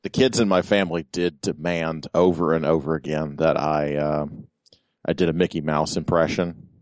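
A young adult man co-hosts a casual podcast, and he delivers his jokes flat and dry. His voice sits very low. The sound is close and dead, with no room echo. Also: moderate pace. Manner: dry, deadpan joking. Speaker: podcast co-host. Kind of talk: casual chat.

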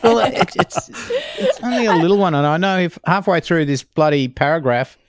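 A man's voice: fairly high pitch, lively intonation, moderate pace, dry recording, studio quality. A man co-hosting a podcast, giggling and joking through casual chat. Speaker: podcast co-host.

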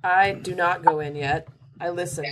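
A woman playing in a tabletop game, making dry, quick remarks to the table. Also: on the low side, fairly even intonation, heavy background noise. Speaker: player. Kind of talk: casual table talk.

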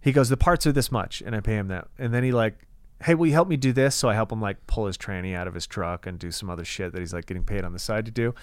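A man's voice: fairly low pitch, fast talker, hardly any pauses, clean tone, no room sound. Male podcast co-host, casual and profane storyteller, dry close sound. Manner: profane, animated storyteller quoting others.

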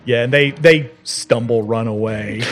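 A man narrating as game master of a tabletop game, animated and laughing often. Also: medium pitch, soft background music. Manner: animated, laughing, quick asides.

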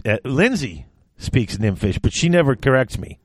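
A man's voice: medium pitch, sing-song, moderate pace, husky, no echo. A man co-hosting a podcast in casual chat, rambling and restarting his sentences as he goes. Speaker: podcast co-host.

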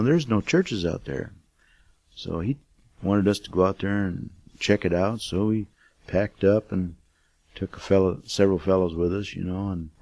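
A man's voice: low-pitched, creaky, darkish tone, no echo. An older man, a missionary, telling a testimony in a folksy, rambling way with many fillers. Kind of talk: casual storytelling testimony.

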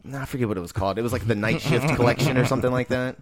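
A man hosting a film podcast, telling stories in an easygoing, anecdotal way. His voice sits at an ordinary mid pitch. He chats casually with his co-hosts. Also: racing, a little hiss or hum. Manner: relaxed anecdotal storytelling. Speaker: podcast host. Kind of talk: casual chat.

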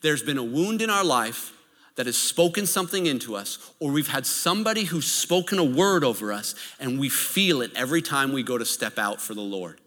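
A man preaching a sermon in an animated, storytelling way, with occasional laughs. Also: mid-range voice, fairly quick. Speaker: pastor. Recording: reverberant hall.

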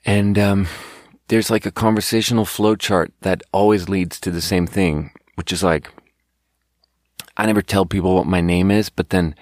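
A low-pitched man talks on his own show in a loose, meandering monologue. He restarts his sentences and slips laughs into his thoughts, sounding a little self-conscious. The recording is close and dry, with no room around him. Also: a little mellow, dry recording. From Sweden. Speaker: podcast host. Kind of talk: casual solo monologue.

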